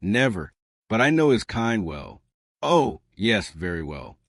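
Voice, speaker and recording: A man's voice: fairly low pitch, very animated, measured pace, no room sound, full character voice. Male reader as a grinning, boastful Italian salesman; chatty, dry close sound.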